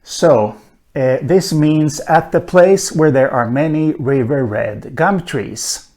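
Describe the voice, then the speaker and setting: Slow, halting male lecturer. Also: on the high side, darkish tone. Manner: slow, hesitant, frequent "uh" fillers, dry asides. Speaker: lecturer on linguistics. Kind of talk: recorded online lecture.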